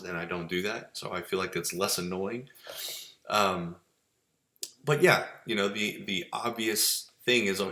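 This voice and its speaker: A man's voice: on the low side, sharp tone. A man giving a casual lecture in a conversational, rambling way, full of fillers and restarts. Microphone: webcam with filter. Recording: echoey room.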